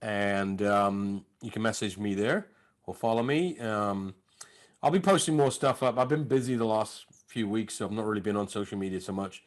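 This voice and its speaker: A male comedian chatting as a podcast guest, loose and rambling, his voice swinging up and down. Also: normal speed. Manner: loose and rambling, swinging between high and low. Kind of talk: casual podcast chat.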